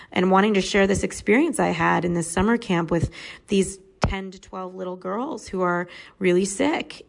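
A woman's voice: fairly low pitch, vocal fry. A woman in her thirties telling a personal story in an earnest, reflective, motivational way. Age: 30s.

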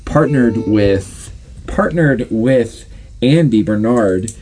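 A man talking with lively pitch, laughing often. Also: very slow. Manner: laughs often, rambling with restarts. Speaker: podcast co-host. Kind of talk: casual podcast debate.

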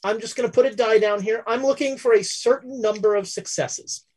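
A woman narrating as game master of a tabletop game, halting and full of fillers. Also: a little high, a little mellow, slightly rough. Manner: hesitant, full of fillers and laughs while describing scenes.

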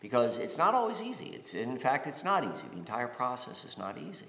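A man's voice: mid-range voice, wildly swooping pitch, fairly quick, vocal fry, fairly bright tone. A man from the United States giving a reflective spiritual talk, rambling with many fillers and restarts. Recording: echoey room with long reverb.

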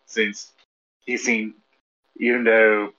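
A man's voice: fairly low pitch, little pitch movement, slow pace, bright, forceful tone. A man playing in a tabletop game session, hesitant and trailing off mid-thought. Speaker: player. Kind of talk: casual tabletop game chat. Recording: slightly dull lo-fi mic.

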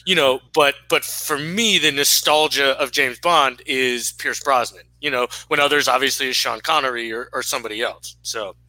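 A man's voice: medium pitch, moderate pace, hardly any pauses, bright, forceful tone, dry recording, rough recording. A man in his thirties, co-hosting a casual sports podcast, who rambles with lots of fillers and restarts. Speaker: podcast co-host.

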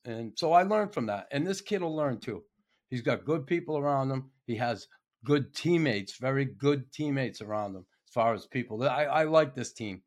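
A middle-aged man giving a casual, blunt hockey opinion monologue, folksy and swearing freely. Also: mid-range voice. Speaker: hockey commentator.

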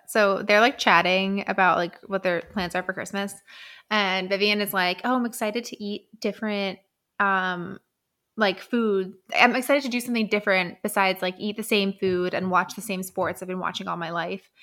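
Bright-voiced wry woman podcast host. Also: mid-range voice, fairly even intonation. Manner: wry, chatty, quick asides. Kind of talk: casual book-club chat.

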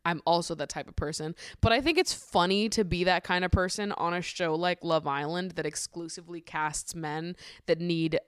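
Young woman, podcast host, casual chatty recap, gushing, lots of filler words, laughs often, smooth voice, dry sound. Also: fairly low pitch, moderate pace, hardly any pauses, no echo. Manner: acts out quotes with animated voices. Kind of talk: casual chat recapping a reality show.

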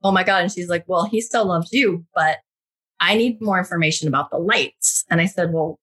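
A woman in her thirties with a lowish, husky voice tells a spiritual story in an animated, casual way. She talks as a guest in a relaxed conversation. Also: normal speed.

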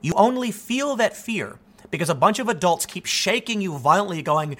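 A man delivers an opinionated commentary monologue in a bright, slightly high voice. He talks in an animated, argumentative way and keeps restarting his sentences. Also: fairly quick. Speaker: political commentator.

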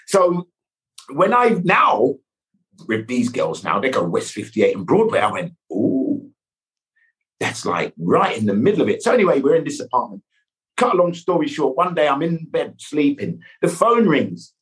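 A middle-aged man, a guest actor, telling anecdotes with lively sound effects and voices. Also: fairly high pitch, normal speed. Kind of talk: animated storytelling.

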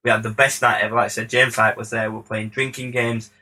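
A man, a music producer, tells a story in lively, casual chat, swearing freely and acting out what people said. His voice is bright and forward with a husky grain. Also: mid-range voice, fast talker, low-quality recording. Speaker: music producer, podcast guest. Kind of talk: casual anecdote.

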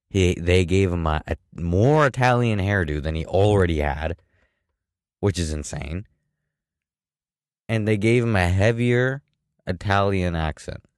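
Young guy rambling to camera, real low voice, clean and smooth, lots of um and uh. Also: dry recording, studio quality. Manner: rambling, full of fillers and restarts. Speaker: vlogger. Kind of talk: casual rambling monologue.

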